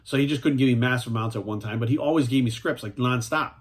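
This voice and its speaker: A man's voice: medium pitch, fast. Forties male coach, blunt and profane, hammers his points home. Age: 40s. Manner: profane, emphatic, repeats "right?". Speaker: fitness coach. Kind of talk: blunt vlog rant.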